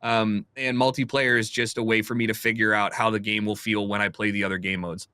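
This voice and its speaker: A man's voice: lowish voice, level tone, fairly quick, pushed and bright, clear, resonant tone, no echo. Candid man with a dry sound. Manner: opinionated, candid, swears casually. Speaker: streamer guest. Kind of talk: casual podcast chat.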